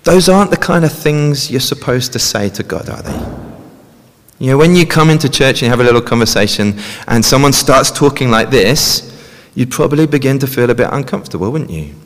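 A man's voice: mid-range voice, animated, fairly quick. A man preaching a sermon in a conversational way, often ending points with tag questions. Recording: long reverb of a large hall.

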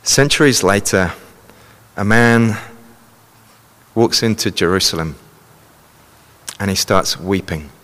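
Low-voiced man preaching in a reverberant hall. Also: slow pace, pauses often, fairly bright tone. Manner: earnest, explains then reads passages aloud. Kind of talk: sermon with scripture reading.

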